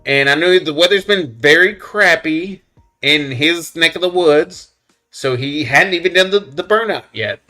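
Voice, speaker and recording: A man hosting a casual barbecue livestream, chatting loosely with viewers and giving shout-outs. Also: fairly high pitch. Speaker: livestream host.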